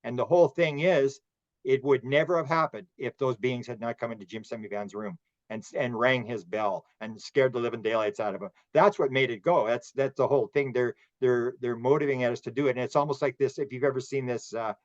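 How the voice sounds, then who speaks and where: A man's voice: medium pitch, fairly quick, no room sound. Rambling man on a dull dry line. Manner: rambling, with frequent restarts and acted quotes. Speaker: podcast host. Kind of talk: casual conversation.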